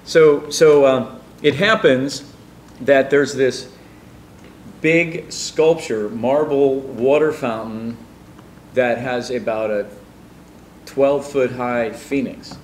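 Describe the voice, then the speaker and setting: A middle-aged man telling a personal story in a rambling, animated way, with many fillers and restarts. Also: mid-range voice, slow, slight background noise. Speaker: storyteller guest.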